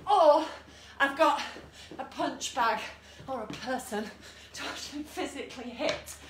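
This fitness instructor's voice sits high and moves a little slowly. She runs an online exercise class from a room at home, a dog nearby, mixing encouraging cues and countdowns with chatty asides. The audio is echoey and distant, with faint noise.

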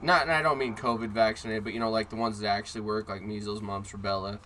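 A man with a bright, forceful voice tells a story in a casual, profane, sarcastic way. He keeps the telling animated and punchy. A faint hum of background noise sits behind him. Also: lowish voice, fast talker. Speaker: podcast host. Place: in a car.

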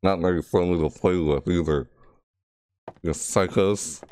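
A man's voice: sits low, steady tone, measured pace, darkish tone, clear, resonant tone. A man commentating a horror game playthrough, frustrated and jumpy, scolding the game's characters and shrieking at scares. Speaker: gamer.

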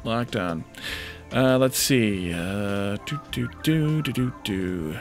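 A man's voice: on the low side, lively intonation, slow, faint music behind. A man hosting a casual game stream, chatting with friends and reading out viewer names and redemptions. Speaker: stream host.

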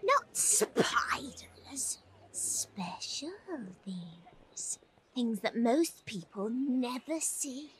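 A woman's voice: a little high, very animated, very slow, slight background noise, full character voice. Myrtle, a teasing ghost girl. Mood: secretive. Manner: sing-song, slips into secretive whispers. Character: moping ghost schoolgirl, cryptic and teasing.

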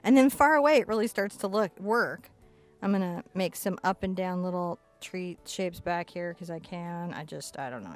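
A woman's voice: on the low side, normal speed, soft background music. Playful woman teaching painting. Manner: chatty, playful, talks to herself while painting. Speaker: acrylic painting instructor. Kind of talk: casual step-by-step painting lesson.

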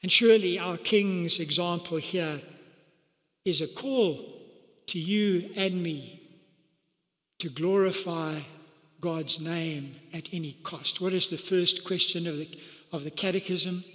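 A man preaching a sermon, dramatically acting out the quoted lines. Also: takes it slowly. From South Africa. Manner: animated preaching, acting out quotes with sudden pitch leaps. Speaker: pastor. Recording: church hall with long reverb.

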